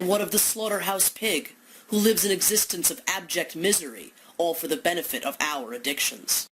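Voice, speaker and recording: A woman giving an impassioned, accusatory monologue full of rhetorical questions, building to loud declamation. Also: fairly low pitch, normal speed, slight background noise, poor audio. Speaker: speaker delivering a philosophical monologue.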